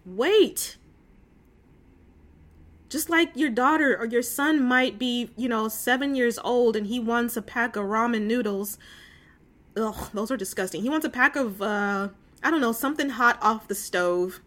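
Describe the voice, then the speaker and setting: Woman, host, casual faith talk, earnest, emotional, filler-heavy, slightly high voice. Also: measured pace, a bit bright. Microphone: phone call.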